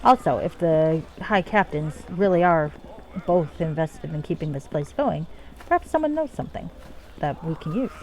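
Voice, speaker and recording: A woman streaming a game and chatting casually, jokey and quick to laugh. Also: sits low, poor audio. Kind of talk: casual gameplay commentary. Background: faint game music.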